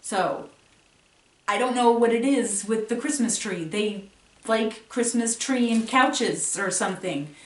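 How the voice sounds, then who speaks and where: A woman tells a spooky story at home in an animated way, with dramatic pauses. The camera sits across the room, so her voice sounds roomy and distant. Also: on the high side. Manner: animated, dramatic pauses, laughs between lines. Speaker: paranormal vlogger.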